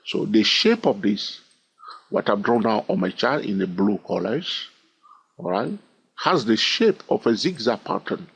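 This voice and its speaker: A trading instructor teaches a chart lesson, counting wave numbers aloud in a sing-song way and repeatedly checking in with "all right?". His voice is fairly low, creaky and husky, and he speaks a little slowly.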